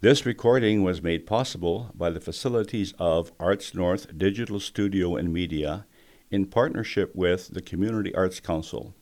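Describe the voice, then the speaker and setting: Deep-voiced man reading a podcast outro. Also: moderate pace, a little mellow. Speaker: podcast host. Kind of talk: scripted outro announcement.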